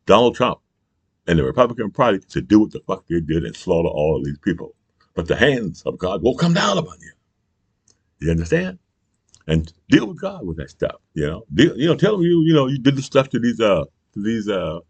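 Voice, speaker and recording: A man with a very deep, gravelly and husky voice, ranting heatedly in a profane political commentary. The sound is dry and close, and he keeps throwing in "you know" as he drives each point home. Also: no room sound. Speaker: channel host. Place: Michigan.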